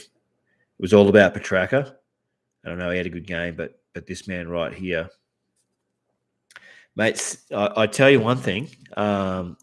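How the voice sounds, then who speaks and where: A man in his thirties with an Australian accent, chatting casually to camera about his cards, laid-back and swearing freely. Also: deep voice. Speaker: card collector and channel host.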